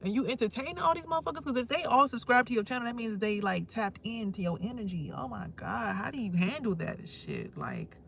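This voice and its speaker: Loud, preachy woman livestreaming. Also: on the high side, very animated, fairly quick, creaky, hardly any pauses, noisy background. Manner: loud and emphatic, profane, preachy. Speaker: livestream host. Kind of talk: casual livestream talk with spiritual advice.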